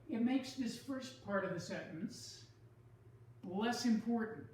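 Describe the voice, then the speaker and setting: A man teaching a writing class, lecturing deliberately in short phrases with pauses between them. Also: high voice, expressive, a little mellow. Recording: very echoey classroom with faint noise.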